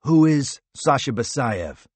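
A man voicing a cold, relentless male interrogator who asks calm, clipped questions in an audiobook. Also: mid-range voice, slow pace, slightly rough, no echo, voice pushed up.

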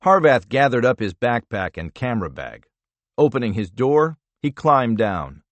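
A man narrating a thriller audiobook in a steady, measured reading style. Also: medium pitch, no room sound. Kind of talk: scripted narration.

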